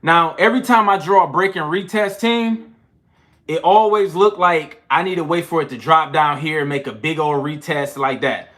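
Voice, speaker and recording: A young man with a higher voice hosts a casual trading livestream at a moderate pace. He talks loosely and animatedly with lots of slang, counting push-ups between chart talk and sounding out of breath afterward.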